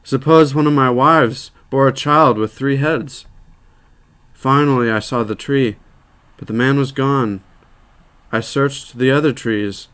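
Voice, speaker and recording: A man narrating a short story aloud in a measured, plain storytelling manner. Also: mid-range voice, steady tone, a bit bright, smooth.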